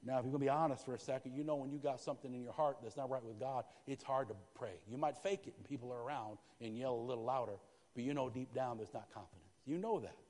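Man preaching a fervent sermon, hushed then shouting, mid-pitched voice, long church hall reverb. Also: fast. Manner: calls out "Amen?" to the congregation. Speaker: pastor. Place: church sanctuary.

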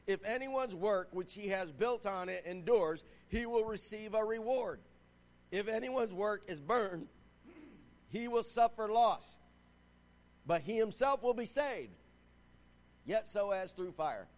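A man's voice: sits high, animated, takes it slowly, long pauses. A man preaching a sermon, reading scripture and calling out to the congregation with rising fervor. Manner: reads scripture aloud, asks the crowd "Amen?". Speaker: pastor.

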